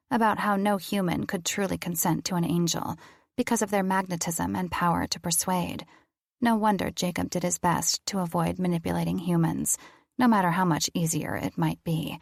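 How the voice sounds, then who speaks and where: Brief: woman audiobook narrator, lowish gravelly voice, close dry mic. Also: fairly even intonation, normal speed, no room sound. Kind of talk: first-person audiobook narration.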